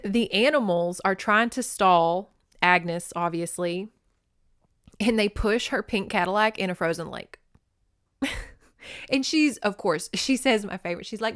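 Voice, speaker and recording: A woman hosting a podcast, recapping a movie in an animated, emotional, casual way with some swearing. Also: medium pitch, moderate pace, no room sound, studio quality. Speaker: podcast host.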